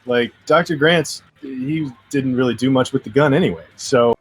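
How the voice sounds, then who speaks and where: Relaxed man co-hosting a live stream. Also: mid-range voice, normal speed, soft background music, poor audio. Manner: relaxed, reads viewer questions aloud. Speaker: co-host.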